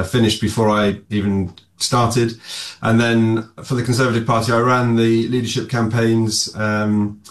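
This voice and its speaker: Low-ish guy on a radio panel, friendly, lots of uhs and restarts. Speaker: former political special adviser, regular panel guest. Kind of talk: talk radio discussion.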